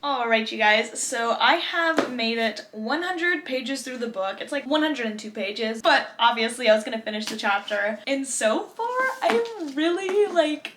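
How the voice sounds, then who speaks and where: A woman's voice: on the high side, background noise. A woman in her twenties chatting casually to camera as a book vlogger, bubbly and rambling. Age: 20s. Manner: bubbly, rambling, quick bursts of excitement. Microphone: small vlog camera.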